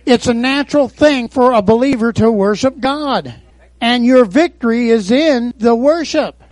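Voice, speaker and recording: A man's voice: very high-pitched, a little slow, darkish tone, dry recording. A man preaching a sermon in a call-and-response style, peppering his talk with amens and hallelujahs. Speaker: pastor.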